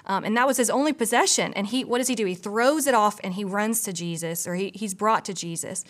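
A woman's voice: mid-range voice, a little fast. Eager woman giving a devotional talk. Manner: earnest and enthusiastic, with frequent "you know" asides. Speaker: church pastor or staff member. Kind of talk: conversational devotional teaching.

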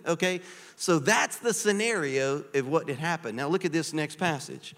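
A pastor with a voice a little high for a man delivers a sermon at normal speed, animated and conversational, full of rhetorical questions. The long reverb of a church sanctuary surrounds his words.

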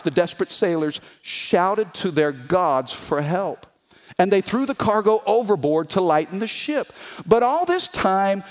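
A man with a high voice preaches a sermon as a pastor, animated and humorous. He reads scripture aloud with voiced characters and calls on the congregation to respond.

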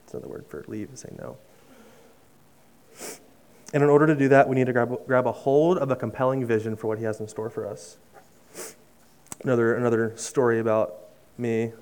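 A young man giving a sermon, telling a personal story in an earnest, conversational way with many fillers and restarts, dropping to a soft hush on emotional lines. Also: medium pitch, fairly even intonation, a little fast, long pauses, clear, resonant tone. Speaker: preacher.

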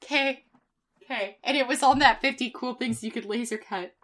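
A young woman with a bright, clear voice tells stories on a podcast in casual, heated chat. She swears freely and leans on fillers as she rants. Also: a little high, moderate pace. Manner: heated, profane storytelling with frequent fillers. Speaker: podcast co-host.

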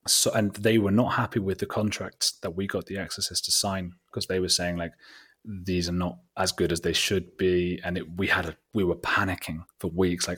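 A man's voice: sits low, moderate pace, slightly rough. A man from England with an English accent, telling a long anecdote as an interview guest, full of fillers, asides and quoted remarks. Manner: animated, self-deprecating, many fillers and quoted asides. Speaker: documentary filmmaker, guest. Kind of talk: casual interview storytelling.

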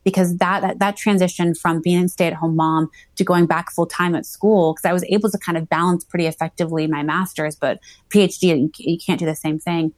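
Woman guest in her thirties, chatty, lowish voice, dry close mic. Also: fairly even intonation, fairly quick, hardly any pauses, no room sound. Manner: chatty, frequent "like" fillers and restarts. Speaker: guest, PhD student in psychology. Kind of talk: casual interview talk.

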